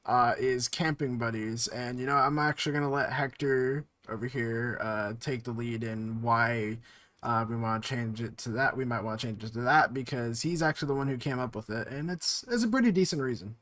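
A man's voice: mid-range voice, moderate pace, a bit bright, dry recording. A man in his twenties hosting a casual podcast, laughing often and rambling with fillers. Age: 20s. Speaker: podcast host. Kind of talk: casual chat.

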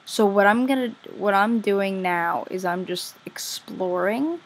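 A woman commenting casually on her own game play as a vlogger, chatty and easily excited, gushing over what she finds. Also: mid-range voice, a little slow. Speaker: gaming vlogger.

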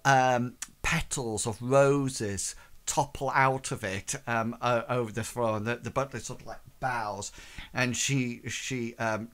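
Slow, hesitant male game master. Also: medium pitch, a bit bright. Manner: hesitant, many fillers. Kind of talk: narrating a tabletop game.

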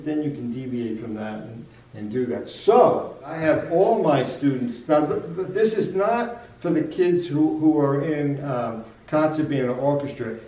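A man's voice: a little high, creaky, warm tone. A man, a saxophonist, explaining jazz articulation in casual chat, often repeating words as he goes. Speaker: saxophonist and teacher. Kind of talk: casual music lesson chat. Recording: roomy, distant from the mic.

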